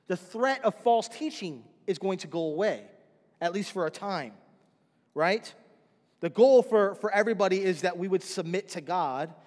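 A man's voice: high voice, lively intonation, normal speed, darkish tone, big-room sound. A man preaching a sermon as pastor, telling stories animatedly and acting out the voices of the people in them.

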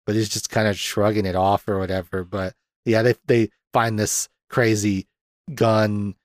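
In a dry, studio-quality recording, a male podcast host speaks in a fairly low, unhurried voice. He chats about movies, animatedly retelling scenes, performing the quotes himself, and laughing frequently.

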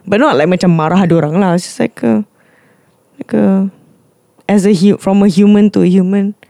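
A man's voice: high voice, gravelly, dark tone, no echo, studio quality. A young man with a Malaysian English accent, chatting candidly as a podcast co-host and slipping Malay words into his speech. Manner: candid, mixes in Malay words, restarts often. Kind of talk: casual chat.

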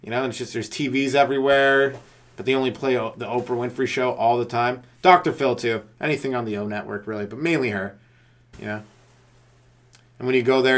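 A stand-up comedian hosts a solo comedy podcast in a medium-pitched voice, riffing through a rambling, profane rant. He chases one tangent after another and slips into quick impressions of other people.

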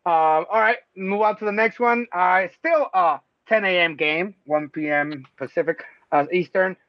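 A man with a high voice hosts a casual sports podcast, loose and excitable, swearing freely and laughing often. The sound is dry and a little dull, like a home lo-fi recording. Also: normal speed, dry recording. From Mexico. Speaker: podcast host.

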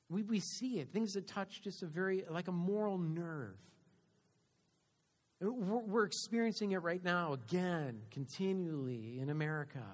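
Man preaching a story-driven sermon. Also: fairly high pitch. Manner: storytelling, swings between loud and quiet. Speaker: pastor.

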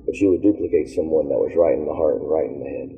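A man telling stories of his ministry in a casual interview, animated and quick to laugh. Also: rumbling low, creaky, husky, soft background music. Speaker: worship leader guest. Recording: tinny phone-like line.

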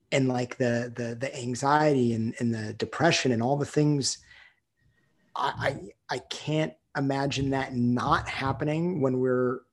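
A man's voice: mid-range voice, darkish tone. A man hosting a casual podcast conversation, thinking aloud and searching for words with many fillers.

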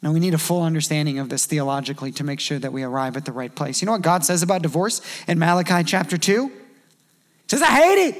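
A man's voice: a little high, fast. A man preaching a sermon in a conversational way, acting out short quoted voices along the way. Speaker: pastor.

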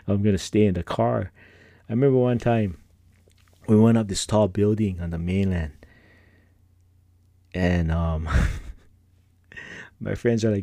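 Laid-back, low-voiced man telling stories. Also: fairly even intonation, a little slow, long pauses, mellow, no room sound, clean studio sound. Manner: laid-back, rambling, frequent laughs and slang. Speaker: podcast host. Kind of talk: casual personal storytelling.

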